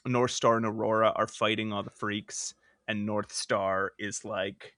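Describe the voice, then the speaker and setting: Male podcast co-host: bright, lively delivery, laughs a lot, dry studio sound. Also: lowish voice, no echo. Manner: laughs often, quick excitable storytelling. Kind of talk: casual chat.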